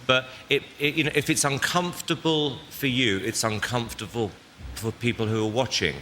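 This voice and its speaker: A man's voice: mid-range voice, fairly even intonation, moderate pace, sharp tone, big-room sound, a little hiss or hum. Blunt man judging on live TV. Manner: blunt, frank criticism. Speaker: talent show judge. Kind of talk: live TV critique. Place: large TV studio with audience. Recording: live TV studio with audience.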